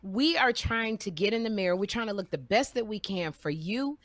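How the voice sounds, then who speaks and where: A woman comedian in casual chat, teasing her friend and telling stories with lively energy. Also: mid-range voice, brisk, no echo.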